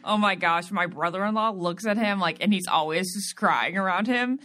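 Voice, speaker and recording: Podcast co-host: a woman, expressive, mimics others in her anecdotes. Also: medium pitch, moderate pace. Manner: expressive storyteller, acts out quotes. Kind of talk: casual chat.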